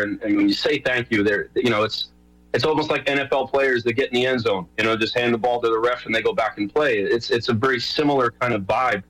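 A man's voice: medium pitch, a bit bright, low-quality recording. A middle-aged man from New York, a guest on a radio show, talking casually with lots of fillers and restarts. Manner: rambling, many fillers and restarts. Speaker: guest, show host and rowing coach.

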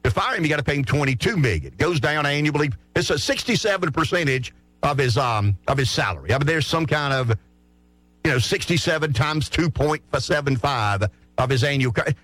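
Animated, blunt talk radio man. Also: a little high, brisk, dry recording. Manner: blunt, animated, stammering restarts. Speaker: radio talk show host. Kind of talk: opinionated sports talk radio.

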